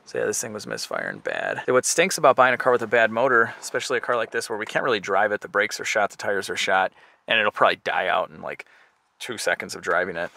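Male vlogger, gravelly and bright, chatty inspection commentary outdoors. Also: lowish voice, animated, quick pace. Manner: chatty, thinks aloud while inspecting. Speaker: car flipper vlogger. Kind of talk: casual walkaround commentary.

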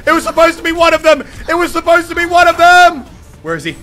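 A young man giving excitable, swearing live commentary over a video game, often shouting at the screen. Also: very high voice, quick pace, a faint crowd. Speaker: gaming channel host.

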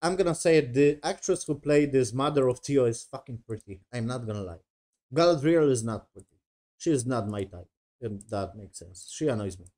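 A man's voice: mid-range voice, expressive, moderate pace, darkish tone. A man giving a casual, profane review rant in non-native English, sarcastic and dismissive, with constant swearing. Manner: sarcastic, swears constantly, mocks characters in whiny voices. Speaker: show reviewer.

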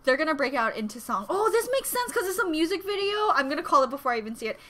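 Very high-pitched excitable woman reacting. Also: racing. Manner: gasping, exclamatory, chatty. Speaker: reaction video host.

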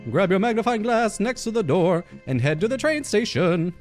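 A man's voice: high voice, big pitch swings, moderate pace, soft background music. A man voicing a cheerful, bubbly female supervisor in a game, chirpy and affectionate, calling people babe and love.

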